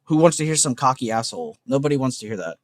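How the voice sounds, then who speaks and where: A man's voice: mid-range voice, sing-song, fast, no room sound. A man hosting a trading livestream, talking in a blunt, emphatic, unscripted way, swearing often and repeating points.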